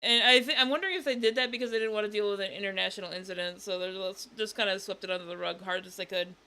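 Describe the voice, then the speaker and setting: A woman's voice: medium pitch, fairly even intonation, rapid-fire, sharp tone. A woman streamer chatting casually while reacting to a video, laughing often and swearing.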